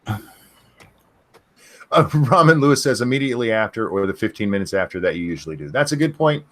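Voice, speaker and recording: A man with a fairly low voice that rises and falls a lot hosts a casual live stream. He answers viewer questions bluntly, often stopping to restart with plenty of ums and uhs. His pitch swings widely. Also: expressive, fairly bright tone. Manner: blunt, halting, many fillers and restarts. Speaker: stream host reading chat questions.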